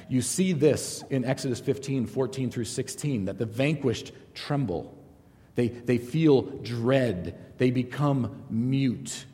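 A middle-aged man teaching a Bible study in a conversational style, telling stories and jokes along the way. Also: on the low side. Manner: conversational, animated storytelling with jokes. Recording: long hall reverb.

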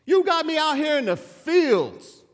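A preacher acting out a resentful proud older son. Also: male voice, very high-pitched, sing-song, a little slow, big-room sound, voice pushed up, full character voice.

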